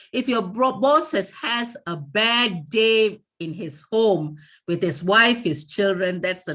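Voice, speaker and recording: A woman coaching an online workshop as a workplace trainer, animated and acting out little scenes. Her voice comes over a video call. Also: mid-range voice.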